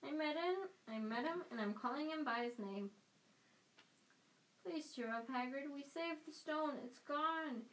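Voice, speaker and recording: Woman doing an earnest boy wizard, urgent and insistent, brighter and higher than a plain speaking voice, storybook reading. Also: a little slow, poor audio.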